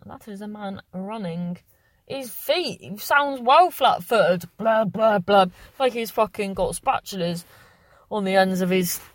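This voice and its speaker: A young woman hosts a podcast in a lowish voice, chatting casually and reading listener messages aloud. She rambles and corrects herself, and there's no echo.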